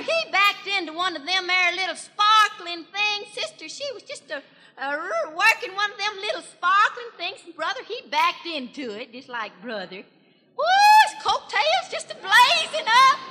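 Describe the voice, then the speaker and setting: A woman playing a chatty, excitable young country gossip gal with a rural Southern US accent, rambling through a folksy 1940s radio comedy monologue in a hollering twang with giggles. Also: very high-pitched, exaggerated voice. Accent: Southern US, rural Tennessee. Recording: 1940s radio broadcast, long hall reverb.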